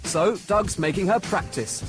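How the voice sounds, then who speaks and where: A man reading scripted documentary narration in a steady, measured voice-over. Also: high-pitched. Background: music.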